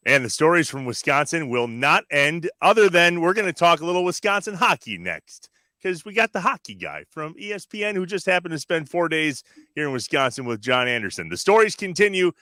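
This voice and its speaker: Upbeat host guy, bright voice, bouncy pitch, dry close sound. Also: big pitch swings, fairly quick, no room sound. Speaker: show host. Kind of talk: segment wrap-up.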